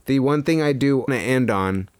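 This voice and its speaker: A man hosting a podcast in casual chat, enthusiastic and full of shout-outs, on a close mic. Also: mid-range voice, normal speed, smooth, dry recording. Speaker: podcast host.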